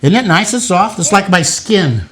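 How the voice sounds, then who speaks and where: An older man with a notably high voice hosts a relaxed home cooking show. He coaxes and cheers on children as they work, in a playful, encouraging way. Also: moderate pace, a crowd in the background. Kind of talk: casual cooking demonstration with kids.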